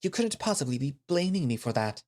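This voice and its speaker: A man's voice: on the high side, sing-song, a little fast, a little mellow. A man playing an anxious young man who stammers and pleads in a raised voice. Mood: uneasy.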